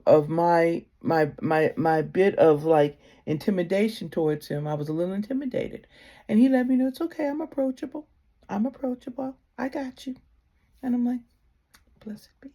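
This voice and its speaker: Her pitch sits on the low side with noticeable vocal fry as she talks to the camera. She shares spiritual advice casually and from the heart, occasionally sinking into a gentle near-whisper.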